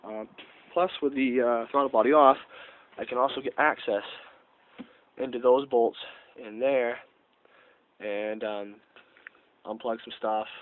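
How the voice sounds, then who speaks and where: A man's voice: medium pitch, steady tone, measured pace, long pauses. Young male vlogger, nasal from a cold, rambling and self-correcting, tinny lo-fi audio. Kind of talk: casual car-repair vlog.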